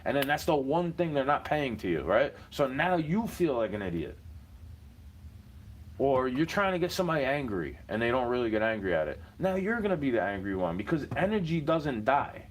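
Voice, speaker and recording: A man's voice: mid-range voice, sing-song, moderate pace. A man, rambling in a profane casual monologue full of street slang.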